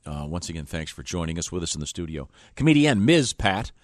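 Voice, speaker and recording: A man's voice: sits low, sing-song, a little fast. A man hosting a radio talk show, easygoing with many fillers, reading listener mail in the studio.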